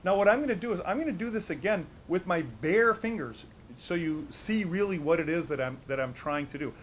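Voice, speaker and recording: Male doctor-instructor, slightly high voice, emphatic and repetitive, teaching a practical skill, faint noise floor. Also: expressive, brisk. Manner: repetitive, emphatic, stressing key steps. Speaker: doctor demonstrating a technique. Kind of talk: hands-on teaching demonstration. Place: studio against a black backdrop.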